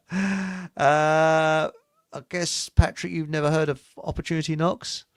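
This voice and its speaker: A man's voice: on the high side, fairly even intonation, slow, smooth, dry recording, studio quality. A man hosting a casual radio chat, rambling through anecdotes with chuckles. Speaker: host.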